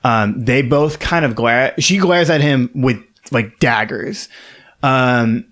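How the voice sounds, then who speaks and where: A man's voice: medium pitch, slow pace, fairly bright tone. A man narrating as game master of a tabletop game, loose and full of fillers.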